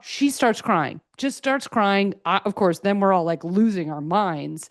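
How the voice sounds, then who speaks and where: A woman's voice: on the high side, unhurried, no room sound, studio quality. A woman hosting a sports podcast, chatting casually and getting emotional as she gushes. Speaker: podcast host.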